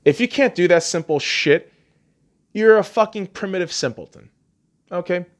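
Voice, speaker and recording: A podcast host on an angry, profane rant, swinging between shouting and low muttering. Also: male voice, moderate pace.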